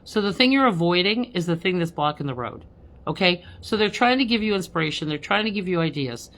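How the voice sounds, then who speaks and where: A woman's voice: lowish voice, fairly bright tone. A woman working as a spiritual medium, chatting on a live stream with viewers, laughing often and ending lines with "okay?".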